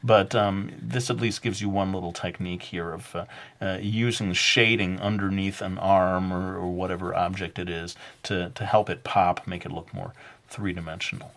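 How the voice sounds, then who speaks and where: Low-voiced man narrating a drawing lesson. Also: gravelly. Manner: hesitant, lots of fillers, self-joking. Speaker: drawing teacher. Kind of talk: casual drawing tutorial narration.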